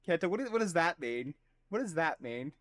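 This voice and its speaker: A man with a sing-song, fairly bright voice on the high side chats with his stream audience while playing a game, recorded with no echo. He swears, mocks himself and fires quick asides to chat in a casual livestream style.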